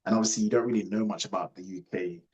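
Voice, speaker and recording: Relaxed young man from Jamaica, low voice. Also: racing, rough recording. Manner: relaxed, rambling, many fillers and laughs. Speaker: guest. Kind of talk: casual interview storytelling.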